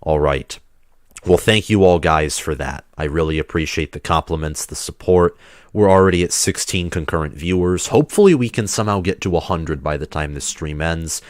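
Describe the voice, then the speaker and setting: Male streamer host, deep voice, under the weather, rambling casual chat, dry close sound. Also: normal speed, no echo. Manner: rambling, chatty, loose restarts. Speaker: livestream host.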